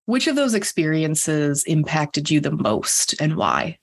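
Interviewer, encouraging, gravelly, mid pitch. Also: wildly swooping pitch, slow. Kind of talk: interview questions.

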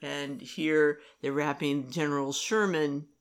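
A woman's voice: low-pitched, fairly even intonation, slow pace. A middle-aged woman in casual conversation, rambling with many fillers and restarts.

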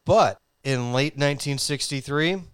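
A man's voice: on the high side, unhurried, clean tone, dry recording, studio quality. A man co-hosting a casual podcast, telling a history story in a jokey way and laughing often. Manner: jokey, laughs often, reads facts loosely.

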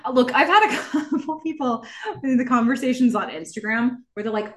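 A woman's voice: on the high side, brisk. A woman co-hosting a podcast in casual chat, reading listener emails aloud and laughing often. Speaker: podcast co-host.

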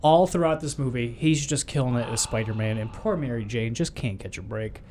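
A man's voice: medium pitch, darkish tone, a little hiss or hum. Wry man recapping a movie. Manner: wry, retells scenes with quick voice impressions. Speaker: podcast co-host. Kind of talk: casual movie review chat.

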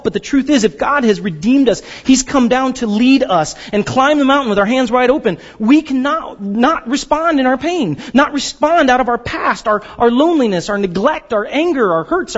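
Lively, high-pitched joking pastor. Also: male voice, big-room sound, dull audio. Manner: animated and joking, acts out quoted voices. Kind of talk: sermon.

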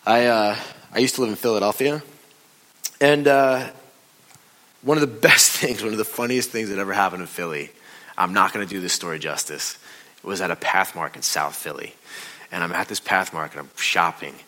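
A man giving a conversational, confessional sermon as a pastor, dropping to a hush and rising loud while telling a story. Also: fairly low pitch, moderate pace, low-quality recording.

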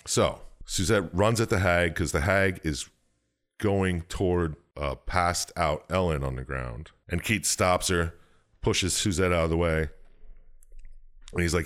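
A man's voice: deep voice, measured pace, fairly bright tone. A man casually recapping a game's story, rambling and swearing, slipping into quoted voices. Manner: rambling, profane, jumps into silly quoted voices. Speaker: podcast co-host recapping a game story. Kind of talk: casual chat.

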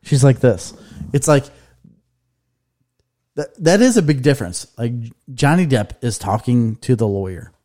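A man co-hosting a casual podcast chat, jokey and animated, breaking into silly voices. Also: mid-range voice, unhurried, pauses often. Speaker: podcast co-host.

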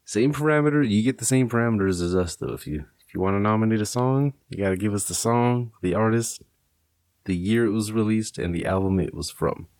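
Laid-back, swearing podcast host, low voice. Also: male voice, fairly quick, darkish tone, dry recording. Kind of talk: casual podcast chat.

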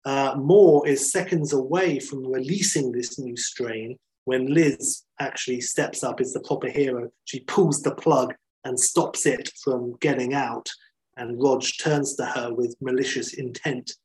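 A man's voice: medium pitch, steady tone, a little slow, darkish tone, low-quality recording. A man, a podcast host, telling a story in enthusiastic, chatty talk with many fillers. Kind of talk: casual storytelling chat.

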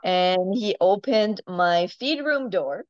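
A woman's voice: lowish voice, animated, slow pace, no echo, highs cut off. Chatty woman telling animal stories. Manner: chatty storyteller, laughs often, many ums. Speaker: farm animal owner, guest. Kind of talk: casual interview chat.

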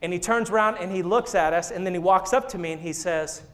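Playful high-voiced man preaching a sermon. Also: fast talker. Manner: playful, jokes and laughs with the congregation. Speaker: senior associate pastor. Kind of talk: sermon with storytelling. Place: church sanctuary.

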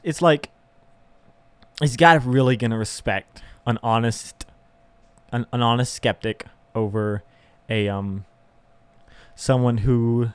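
A young man vents his frustrations in a candid, profane rant, emotional and exasperated, laughing and sighing often. His voice is at an ordinary middle pitch, and the recording is dry and close with no room echo.

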